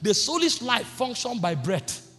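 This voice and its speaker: A man preaching a fervent sermon, often shouting and repeating phrases for emphasis. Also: very high-pitched, sing-song, a little slow. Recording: long hall reverb with faint music behind.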